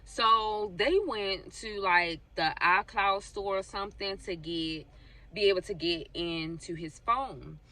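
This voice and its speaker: A woman vlogger casually retells a true-crime story, speaking straight to her viewers and leaning on fillers like "so basically." Her mid-range voice is slow, pushed and bright. She's recorded from a distance.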